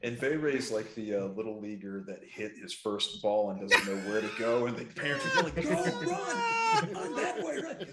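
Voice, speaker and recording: Teasing player over loud noise. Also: mid-range voice, fairly quick, few pauses, roomy sound. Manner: teasing, laughing commentary. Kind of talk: casual tabletop game chat.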